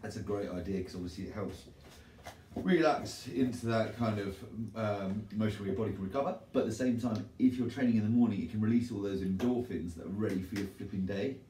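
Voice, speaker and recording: A man's voice: lowish voice, fairly quick, mellow. A man co-hosting a podcast, earnestly explaining his views in casual chat, with small restarts. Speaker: podcast co-host. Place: gym. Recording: echoey gym, distant mic, faint noise.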